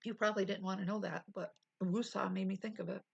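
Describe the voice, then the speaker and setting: A woman's voice: mid-range voice, fairly even intonation, fast, gravelly, husky, muffled recording. A woman streamer chatting casually with her live chat, laughing often and full of exclamations, at a desk mic.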